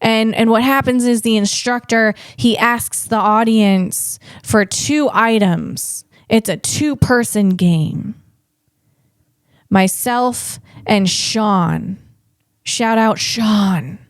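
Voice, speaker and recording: A woman's voice: on the high side, takes it slowly, no echo, clean studio sound. A woman podcast host and comedian chatting casually on her own, rambling and poking fun at herself. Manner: rambling, self-deprecating, chuckles at own jokes. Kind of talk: casual solo chat.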